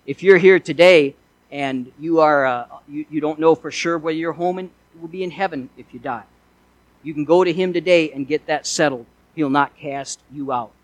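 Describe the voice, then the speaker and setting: A man's voice: a little high, normal speed, no echo, poor audio. A male pastor preaching a sermon in an earnest way, asking his listeners one rhetorical question after another.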